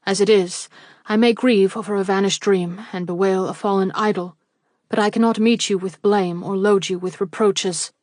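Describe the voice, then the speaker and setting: A woman voicing a grieving, formal gentleman who speaks in a measured way. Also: mid-range voice, no room sound, clean studio sound, natural voice.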